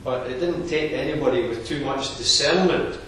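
A man preaching a sermon in a measured, earnest expository manner. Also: medium pitch, fairly bright tone, slight background noise. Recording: very echoey, distant room recording.

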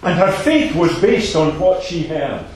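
Male preacher, slightly higher voice, emphatic with soft asides, booming echoey room. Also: very animated, a little slow. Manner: emphatic, repeats phrases, swings between loud and soft. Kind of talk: sermon. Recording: very echoey hall.

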